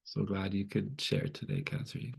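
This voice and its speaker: Male facilitator on a video call, soft and affirming, husky with vocal fry. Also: deep voice, huge pitch swings, moderate pace. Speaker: group facilitator. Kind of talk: leading a community call.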